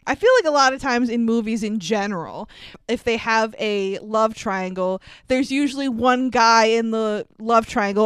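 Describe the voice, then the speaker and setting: A woman's voice: a little high, clear, resonant tone, no echo. A woman co-hosting a movie review podcast, casual and sarcastic, swearing and laughing often. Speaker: podcast co-host.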